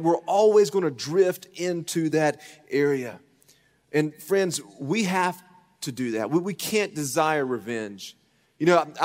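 Pastor preaching a story in a reverberant church. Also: male voice, mid-range voice. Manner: storytelling, acting out quoted voices, swings between loud and hushed. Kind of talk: sermon. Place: church sanctuary.

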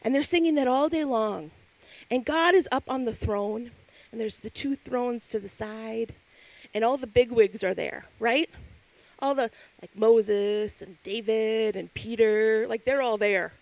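A middle-aged woman giving a sermon, telling stories with lively acted-out quotes. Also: on the high side, measured pace, no room sound, low-quality recording. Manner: animated storytelling with acted quotes. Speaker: speaker.

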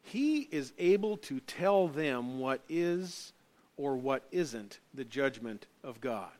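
A middle-aged man preaching a sermon as pastor, swinging between loud emphatic stresses and quiet, low asides. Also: big pitch swings, slow.

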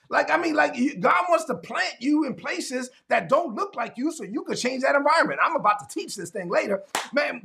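A man preaching a sermon as pastor, animated and acting out conversations, calling on listeners to respond. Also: extremely high pitch, vocal fry. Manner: animated, acts out conversations in his own voice; calls for audience responses.

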